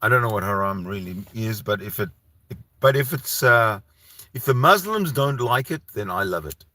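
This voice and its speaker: A Canadian man hosts a rambling solo livestream, speaking in a fairly low, expressive voice at normal speed. His tone is bright and forceful, heated and profane, and he often restarts his sentences. There's no echo on the recording.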